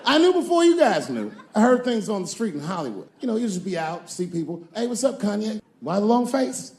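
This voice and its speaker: Man in his forties, stand-up comic, profane crowd work, fairly high voice. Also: sing-song, a little fast, few pauses, noisy background. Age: 40s. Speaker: stand-up comedian. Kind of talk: stand-up comedy. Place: comedy stage before a live audience.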